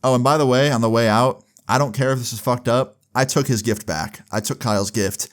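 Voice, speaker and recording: A man's voice: mid-range voice, fairly even intonation, a little fast. A young man telling a storytime vlog in a casual, profane way, with lots of filler words. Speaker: vlogger.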